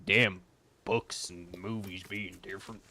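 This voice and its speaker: A man's voice: low-pitched, fairly even intonation, a little slow, creaky, sharp tone, slight background noise. A man chatting and joking sarcastically with friends while playing a survival game. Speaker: gamer. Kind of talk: casual co-op let's play chat.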